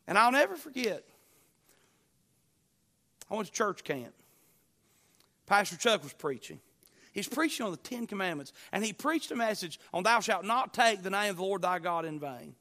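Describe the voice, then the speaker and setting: High, bright-voiced preaching man. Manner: rises from quiet storytelling to loud pleading. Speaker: pastor. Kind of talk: sermon.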